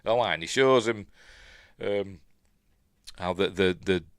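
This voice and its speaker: A man's voice: deep voice, slow pace, smooth, no room sound, clean studio sound. A middle-aged man with a Yorkshire accent, chatting his way through a film in a loose, rambling commentary full of ums and uhs, now and then mimicking the characters. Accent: Yorkshire English. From Yorkshire, England. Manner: mimics quoted characters playfully. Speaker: film review host. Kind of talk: casual film watch-along commentary.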